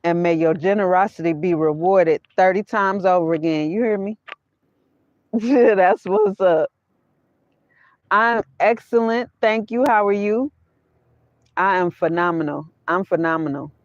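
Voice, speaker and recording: Woman, livestream host, slow easy pace, repeats phrases, muffled lo-fi audio. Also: on the low side, no echo. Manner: repeats her phrases, laughs often, talks straight to chat. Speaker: vanlife vlogger hosting a livestream. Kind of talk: casual livestream chat with viewers. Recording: dull lo-fi sound.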